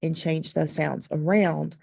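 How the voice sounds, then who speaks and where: A woman's voice: low voice, fairly even intonation, slow pace, gravelly, darkish tone. A woman teacher explaining to parents, patient and instructive, with frequent ums. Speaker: second-grade teacher.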